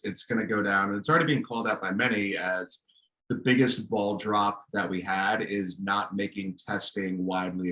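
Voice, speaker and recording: A man's voice: on the low side, a bit bright, roomy sound, rough recording. A man co-hosting a podcast, talking casually in an opinionated, ranting way with frequent restarts. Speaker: podcast co-host. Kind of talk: casual chat.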